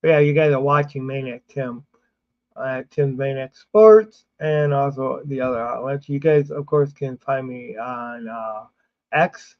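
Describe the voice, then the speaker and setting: Man, sleepy, rambling sports host, slow talker, dull lo-fi stream sound. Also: medium pitch. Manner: rambling, many fillers and restarts. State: sleepy, yawning. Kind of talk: casual livestream sports talk.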